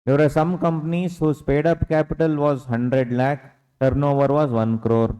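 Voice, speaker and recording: A man's voice: on the high side, fairly even intonation, moderate pace, dark tone, smooth, in a large hall, poor audio. A young man with an Indian English accent lecturing on tax law in an online revision class, asking questions and answering them himself. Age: young adult.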